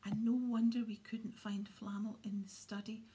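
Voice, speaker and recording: Sulky sarcastic schoolboy, whispered by a woman, mellow tone, whispered role-play. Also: medium pitch, flat delivery, normal speed, breathy edge. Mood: grumpy. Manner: grumpy, sarcastic. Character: grumpy gangly schoolboy.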